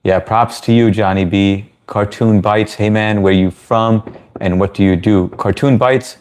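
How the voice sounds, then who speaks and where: A man's voice: lowish voice, steady tone, measured pace, darkish tone, clear, resonant tone. A man in his thirties from the US, hosting a casual livestream Q&A, reading chat messages and rambling in a friendly way with many restarts. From United States. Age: 30s. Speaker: livestream host.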